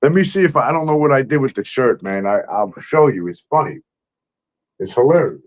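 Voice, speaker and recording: A man's voice: mid-range voice, animated, brisk. A man hosting a casual talk show from home, telling a story with frequent laughs and loose swearing. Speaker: host. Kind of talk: casual chat.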